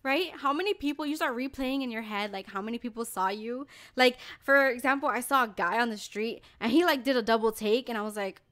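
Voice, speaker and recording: A young woman co-hosting a casual podcast, telling an animated story with frequent swearing and sudden loud bursts. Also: on the high side, brisk, few pauses. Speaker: podcast co-host.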